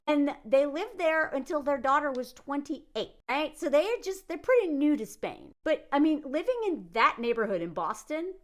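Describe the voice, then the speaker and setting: A woman from the United States giving casual, animated commentary, sarcastic and laughing often. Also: sits high, moderate pace, hardly any pauses. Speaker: commentary vlogger.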